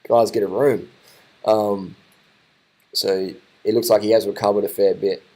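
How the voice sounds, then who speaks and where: A man giving casual, excited commentary over race footage, repeating his phrases and swearing now and then. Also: fairly low pitch, measured pace.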